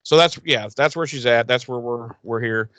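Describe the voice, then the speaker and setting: A man's voice: mid-range voice, normal speed, a bit bright, no echo. Brief: male podcast co-host, rambling profane storyteller, dead-dry sound. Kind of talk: casual episode recap.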